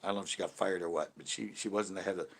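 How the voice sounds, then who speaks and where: A man with a fairly low voice tells a long, rambling story to his live chat. He stops and restarts his sentences often. His tone stays casual and animated throughout. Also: racing, gravelly, husky. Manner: animated, lots of restarts and self-corrections. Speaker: channel host talking to live chat. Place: home porch.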